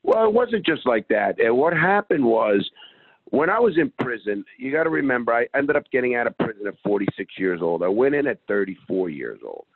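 A man's voice: medium pitch, big pitch swings, fairly quick, husky, no echo. A middle-aged man guest telling a story in an interview in a blunt, streetwise way. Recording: phone-like call audio.

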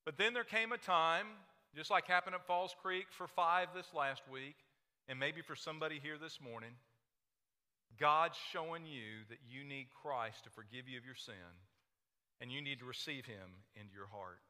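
A man preaching a sermon, impassioned, swinging between hushed, intimate lines and loud, urging ones. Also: on the high side, normal speed. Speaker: pastor. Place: church sanctuary. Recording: echoey hall reverb.

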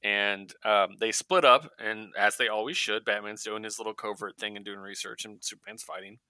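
A man on a comics podcast tells a story with animated energy, jumping into little voices for the characters. His tone is very bright and cutting, and the recording is dry and close, with no room sound. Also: lowish voice, moderate pace, clean tone, no echo, low-quality recording. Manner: animated storyteller, acts out character lines with laughs. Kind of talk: casual podcast chat retelling a comic.

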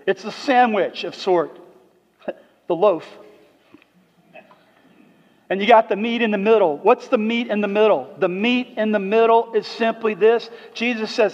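A pastor preaching a sermon, emphatic at times and soft and earnest at others. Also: male voice, high voice, measured pace, long pauses. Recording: dull sound with long hall reverb.

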